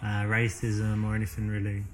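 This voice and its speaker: An actor playing a smooth man chatting up a woman on a date in a live-action dating game, talking in a relaxed, conversational way. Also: fairly low pitch, a little fast, slight background noise, lightly acted. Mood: easygoing.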